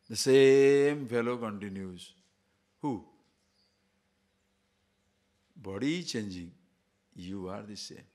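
Animated man giving a spiritual talk. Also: mid-range voice. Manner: animated storyteller, checks in with listeners. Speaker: spiritual teacher. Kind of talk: spiritual discourse with storytelling.

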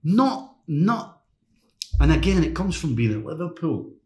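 A middle-aged man, a former footballer and coach, tells lively anecdotes as a guest on a casual chat podcast. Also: a little high, measured pace. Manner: anecdotal, lively, mimics others in quotes. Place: hotel room podcast set. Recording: roomy echo.

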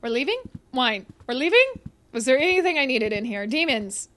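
A young woman streaming a horror game live, chatting to her viewers, jumpy and quick to swear, shrieking and laughing whenever something startles her. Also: sits high, expressive, a bit bright.

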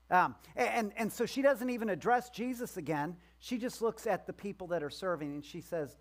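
Male pastor with a high voice, preaching casually in church, adding asides and doing character voices. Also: animated, moderate pace, hardly any pauses, a bit bright. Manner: conversational, joking, acts out voices of the story figures. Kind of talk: sermon.

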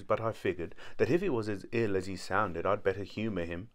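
A man narrating a short story in steady first-person storytelling. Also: deep voice, brisk, few pauses. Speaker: audiobook narrator.

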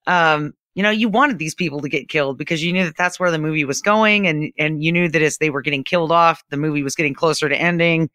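Bright, frank podcast panelist. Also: medium pitch, fast, few pauses, no echo, clean studio sound. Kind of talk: casual podcast chat.

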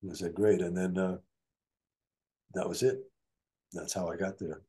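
An older man tells stories from his years as a session guitarist. His voice sits fairly low, and he acts out the conversations he recalls as he goes. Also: moderate pace. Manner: animated anecdotes, acts out dialogue. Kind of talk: storytelling in an interview.

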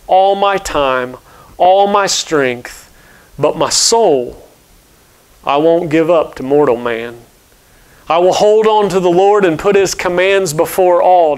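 A steadfast, pious old man speaks earnestly and pleads in a slow, measured way, as a preacher voices him. The voice is smooth, clear and fairly high for a man. It is a story read aloud during a sermon. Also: close to an everyday voice.

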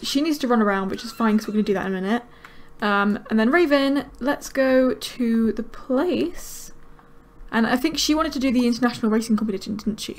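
A woman giving casual let's-play commentary, chatting to her game characters with quick excited exclamations. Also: a little high. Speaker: gaming video creator.

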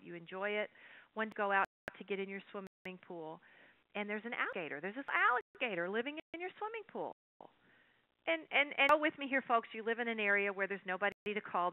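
A woman's voice: mid-range voice, no room sound. Woman presenting over a tinny line. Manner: folksy, animated storytelling with asides to the audience. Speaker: workshop presenter. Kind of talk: live webinar lecture. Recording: dry, tinny phone-line sound.

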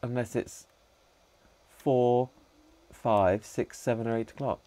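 A man giving casual commentary while playing a video game, chatting to himself and to the characters with excitable bursts. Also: medium pitch, slow pace, no echo. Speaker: gaming channel host. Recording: faint background music.

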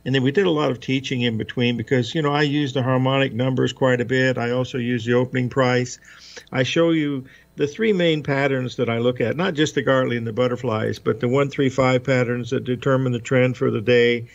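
A man's voice: medium pitch, fairly even intonation, fairly quick, vocal fry. A man speaking as a trading guest on a radio show, easygoing and full of fillers. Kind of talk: radio interview. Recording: dull lo-fi line.

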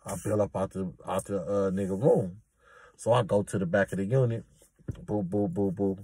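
A man's voice: deep voice, steady tone, normal speed, dark tone, husky, dry recording. A man telling a prison story in a casual, emphatic, streetwise way.

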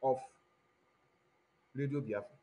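A man with a Nigerian accent hosting an online commentary stream, talking in an animated way and switching between Igbo and English mid-sentence. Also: mid-range voice, takes it slowly, slight background noise. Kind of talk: livestream commentary. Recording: dull lo-fi audio.

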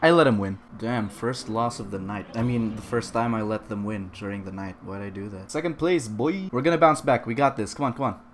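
A young man giving lively, sarcastic commentary over his own gameplay, boasting in jest and swearing freely. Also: lowish voice, brisk, few pauses, slight background noise. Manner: mock-boastful, jokes about himself. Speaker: gaming video creator.

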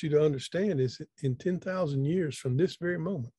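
A man's voice: on the high side, brisk, warm tone, husky, no echo. A middle-aged man, telling a story in a folksy, conversational way over a video call, often repeating words as he thinks. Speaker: speaker. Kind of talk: storytelling talk.

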